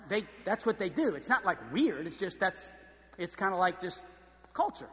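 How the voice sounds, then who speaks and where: A man preaching a sermon, telling lively stories and acting out the voices of the people in them. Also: sits high, a little fast, in a large hall. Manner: animated storytelling, acts out voices. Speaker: pastor. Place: church.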